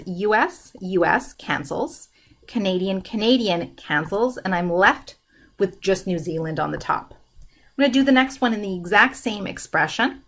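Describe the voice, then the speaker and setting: A woman talks through a recorded math lesson at her computer, explaining each step steadily. Her voice sits at an ordinary middle pitch, recorded close at a desk microphone. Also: fairly bright tone. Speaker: math instructor. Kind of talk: screen-recorded lesson, working through problems.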